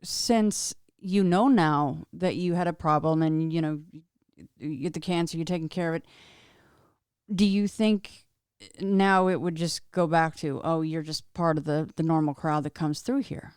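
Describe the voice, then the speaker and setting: A woman's voice: low voice, steady tone, a little slow, darkish tone, clean tone, no room sound, studio quality. A woman hosting a podcast, chatty and asking long, rambling questions. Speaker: podcast host. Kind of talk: casual chat.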